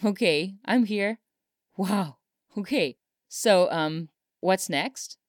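A woman voicing an excitable young male pop singer who swears in giddy bursts, in a storybook reading. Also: medium pitch, drawn-out words, no echo, studio quality, voice pushed up. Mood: overjoyed.

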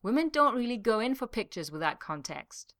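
A shy young office man who speaks gently and modestly, with a quiet, gleeful smugness under the kindness, as a woman reading a story puts him on. The tone stays bright and soft-spoken. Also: fairly high pitch, sing-song, a little fast, pitched above the performer's own voice. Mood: smug, mild.

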